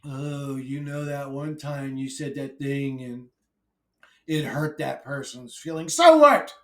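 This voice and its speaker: A man ranting alone to camera in a vlog, brash and profane, swinging from shouted outbursts to low mumbled asides; he says he is high while filming. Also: level tone, takes it slowly. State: intoxicated. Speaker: YouTuber.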